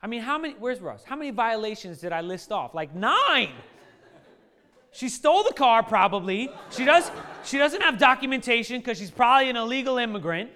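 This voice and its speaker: A man in his thirties telling a funny family story to a live audience, lively and joking, often laughing at his own lines. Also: extremely high pitch, brisk. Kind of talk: animated anecdote to a live audience.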